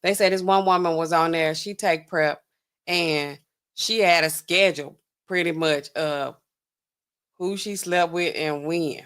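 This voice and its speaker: A woman's voice: fairly low pitch, fairly even intonation, unhurried, fairly bright tone, clear, resonant tone. A middle-aged woman hosting a pharmacy livestream, chatting casually with her viewers and carefully sounding out drug names.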